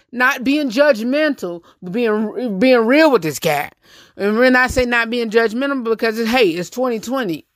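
A man's voice: high voice, fairly bright tone, no room sound, clean studio sound. Blunt rambling Southern-accented man. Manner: blunt, rambling with frequent restarts. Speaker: host. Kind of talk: casual unscripted talk.

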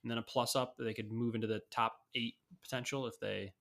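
A man's voice: mid-range voice, fairly even intonation, brisk, gravelly, fairly bright tone. A man co-hosting a podcast, talking sports in a rambling, casual way with many fillers and restarts. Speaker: podcast co-host.

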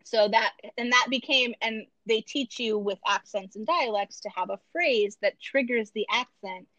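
Casual podcast co-host: Midwestern woman, slight lisp, animated storyteller, dry muffled sound. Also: on the high side, normal speed, dry recording. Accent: American Midwestern. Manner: animated storyteller, swears freely. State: slight lisp from a bitten tongue. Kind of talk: casual chat.

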